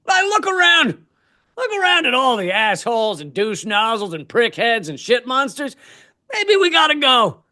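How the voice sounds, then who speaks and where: A man doing a stand-up comedy set on a convention stage, ranting in an exasperated, profane way and bursting into shouts. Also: high voice.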